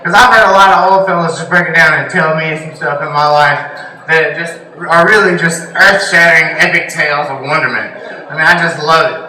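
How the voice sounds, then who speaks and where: A young man works a bar stage with a loose, laughing stand-up delivery and a fairly high voice. The sound is echoey and distant, with clear bar noise around him. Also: a little fast. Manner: loose, rambling, laughing delivery with sudden shouts. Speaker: stand-up comedian. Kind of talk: stand-up comedy set. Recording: echoey bar room, mic from far. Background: bar crowd noise.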